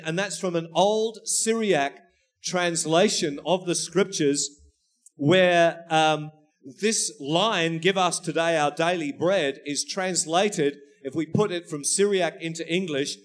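A male pastor preaching a sermon, telling family stories in an animated, laughing way. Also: a little high. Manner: storytelling, animated, laughing at his own anecdotes.

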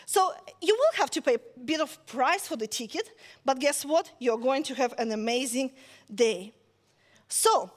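High-voiced woman preaching conversationally. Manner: lively storytelling that addresses listeners directly. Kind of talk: conversational sermon.

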